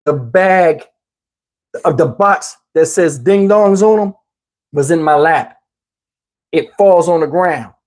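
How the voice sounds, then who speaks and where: Sitting high in pitch, this middle-aged guy from New Jersey spins a funny story casually and with plenty of energy and cursing. He addresses the audience as y'all.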